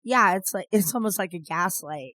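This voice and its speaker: A woman's voice: on the low side, animated, normal speed, a bit bright, dry recording. A woman in her fifties co-hosting a podcast, chatting casually and rambling through stories. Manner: rambling, storytelling, laughs often. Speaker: podcast co-host. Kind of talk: casual chat.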